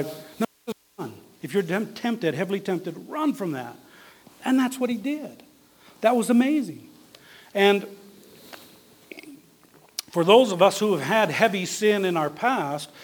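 A high-voiced man delivers a sermon as a pastor. He talks it through conversationally and keeps putting rhetorical questions to his listeners.

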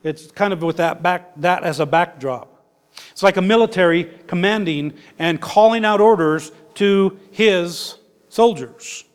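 Guy preaching, kinda folksy and chatty, voice a bit high, big hall echo. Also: unhurried, smooth. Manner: conversational preaching with restarts, folksy phrasing. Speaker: pastor. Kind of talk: sermon. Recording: long hall reverb.

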